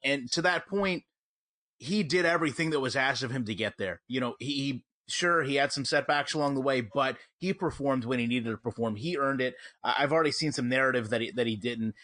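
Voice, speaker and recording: Dude cohosting a sports podcast, dry teasing humor, close dry mic. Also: male voice, mid-range voice, fairly quick, pushed and bright, no room sound. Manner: wry, teasing banter. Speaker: podcast co-host. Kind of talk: casual podcast chat.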